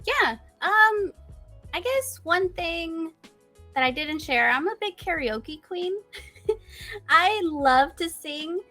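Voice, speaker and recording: Bubbly high-voiced young woman streamer. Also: lively intonation, takes it slowly, pushed and bright, faint music behind. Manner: bubbly, giggly, enthusiastic. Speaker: streamer guest. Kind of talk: casual interview chat.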